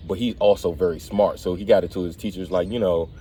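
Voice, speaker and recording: A man hosts a relaxed conversation with a slightly low voice. He tells stories in an animated way and pokes fun at himself. Faint background noise sits under the talk. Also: quick pace. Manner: animated storyteller, laughs at himself. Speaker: host. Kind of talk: casual conversation.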